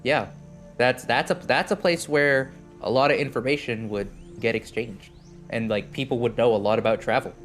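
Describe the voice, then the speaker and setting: Brief: male player, mid-pitched, halting and casual, faint music in the background. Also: steady tone. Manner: hesitant, filler-heavy. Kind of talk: casual tabletop play.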